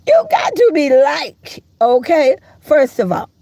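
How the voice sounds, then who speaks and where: A woman hosts a casual live gossip stream in a dark-toned voice with no room sound. She's sassy and teasing, calls listeners baby and honey, laughs often and jumps into high squeals.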